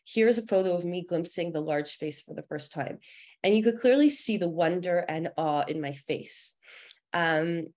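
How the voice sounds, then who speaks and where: A woman's voice: lowish voice, animated, normal speed, darkish tone. A young woman presenting at a film discussion, telling a family story earnestly, with frequent "um" fillers. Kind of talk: personal talk at a presentation.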